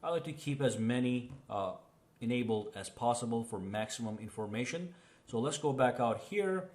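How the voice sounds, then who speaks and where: A man's voice: mid-range voice, animated, normal speed, darkish tone. A man giving a casual, step-by-step phone settings tutorial, talking the viewer through each menu with fillers and frequent "okay?" checks. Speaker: tech reviewer.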